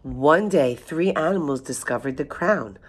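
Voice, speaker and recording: Low-voiced woman reading a picture book. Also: a little hiss or hum. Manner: expressive, slow storytelling. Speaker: storyteller.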